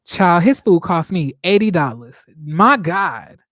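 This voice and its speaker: A man hosting a casual live stream from home, telling stories in a dramatic, expressive way, swearing freely and laughing often. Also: sits high, takes it slowly, dry recording, clean studio sound.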